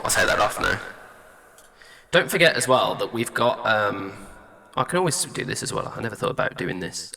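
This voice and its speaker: A man's voice: mid-range voice, creaky, pushed and bright, long reverb tail. A male singer-songwriter chatting casually as he reacts to a song and tests vocal ideas at a studio mic. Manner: thinks aloud, trying out vocal ideas.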